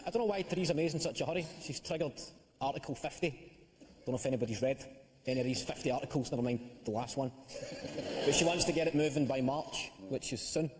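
A man's voice: medium pitch, fast talker, in a large hall, a little hiss or hum. A Scottish man telling wry, self-deprecating comic anecdotes on a panel show. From Scotland. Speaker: comedian panelist. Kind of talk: comic storytelling.

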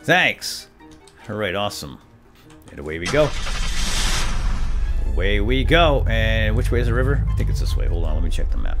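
Male let's-play host, playful self-talk commentary, very lively pitch, light music bed. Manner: goofy, talks to himself and his vehicle, sudden excited yelps.

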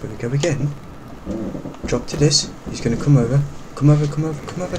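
A man commentating while playing a video game, swearing and yelling at it. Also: mid-range voice, moderate pace, background noise. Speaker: gamer. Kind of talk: let's play commentary.

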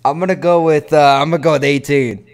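A man's voice: fairly high pitch, steady tone, quick pace, creaky. A young adult man, chatting casually with strangers in a crude, mocking, teasing way. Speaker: video chat prankster. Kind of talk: casual chat.

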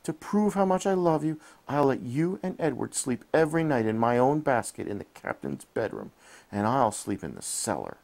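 A man's voice: big pitch swings, normal speed, creaky, darkish tone. A man voicing a remorseful young female cat in a bedtime storybook, speaking in a raised, emotional voice. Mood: pleading. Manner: high, emotional, pleading.

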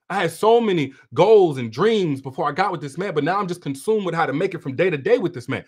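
A man's voice: a little high, expressive, quick pace, few pauses, darkish tone, breathy edge. A man coaching women on relationships in a livestream talk to his viewers. He is preachy and direct, speaks like a big brother, and repeats phrases for emphasis.

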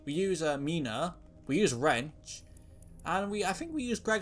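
A man's voice: a little high, measured pace, soft background music. Joking gamer narrating his play. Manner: joking, animated, exclamatory. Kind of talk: casual gameplay commentary.

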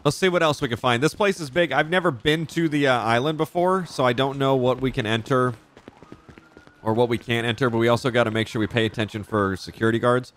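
A man's voice: medium pitch, fairly bright tone. A young man chatting casually and swearing freely while playing through a crime roleplay game. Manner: loose, swearing, quick reactions. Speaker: roleplay streamer. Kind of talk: casual in-character game chat.

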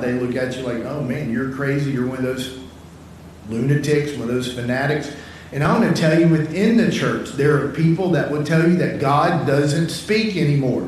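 A man's voice: a little high, darkish tone, a little hiss or hum. A man preaching a sermon in a conversational, storytelling way, often repeating words as he starts a thought, recorded in a church hall. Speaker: pastor. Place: church sanctuary. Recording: very echoey church hall, from far off.

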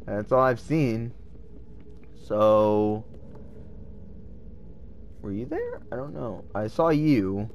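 A man giving casual gameplay commentary, excitable and swearing as he talks to himself. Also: lowish voice, drawn-out words, vocal fry, pauses often, slight background noise. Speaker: let's play gamer.

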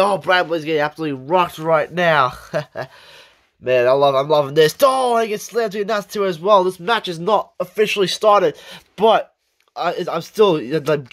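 A man calls a wrestling match in casual play-by-play, cursing freely and yelling on the big moves. His voice sits a little high for a man. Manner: excitable, swearing, shouts on big moves. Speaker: commentator.

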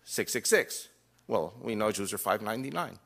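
Guy lecturing a crowd, really animated, bright clear voice, cracks wry jokes. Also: on the low side, moderate pace. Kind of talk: lecture to a live audience.

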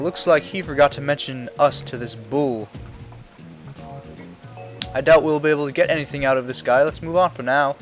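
A man's voice: fairly high pitch, moderate pace, long pauses, faint music behind. Casual cursing gameplay commentator, man. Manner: profane, rambling, reads game dialogue aloud. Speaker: let's play commentator.

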